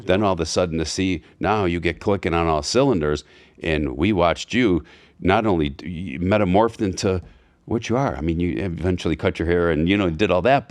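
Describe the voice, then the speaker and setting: A man in his fifties with a very deep, low-pitched voice tells stories in a relaxed chat. He slips in and out of the lines of the people he quotes, with asides and restarts. The recording is dry and close, with almost no room sound. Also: dry recording. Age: 50s. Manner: storytelling, acting out quoted dialogue. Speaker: podcast guest. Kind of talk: casual conversation. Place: Florida.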